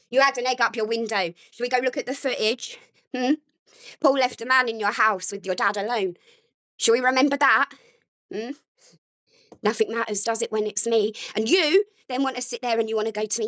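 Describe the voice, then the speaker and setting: A woman's voice: on the high side, a little fast, a bit bright, no room sound, lo-fi sound. A woman arguing angrily at home, accusatory and sarcastic. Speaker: vlogger. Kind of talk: heated domestic argument.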